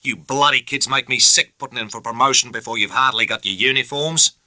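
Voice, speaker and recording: A man's voice: on the low side, very animated, fairly quick, bright, forceful tone, dry recording, pitched above the performer's own voice, exaggerated voice. A man voicing a coarse, peevish naval first lieutenant who sneers and blusters in an audiobook reading. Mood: angry.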